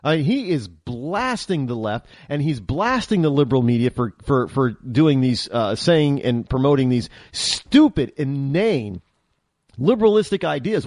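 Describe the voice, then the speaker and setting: A man hosting a political talk show, giving an animated opinion monologue and often repeating and restarting his words. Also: mid-range voice, unhurried, no echo, studio quality.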